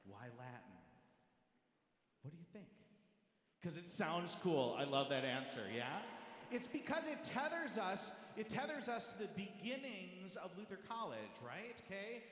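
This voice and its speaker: A man's voice: high-pitched, sing-song, unhurried, a bit bright. A man leading a large crowd, teaching a fight song with coaxing call-and-response. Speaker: choir director leading a crowd. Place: large concert hall. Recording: echoey hall, long reverb.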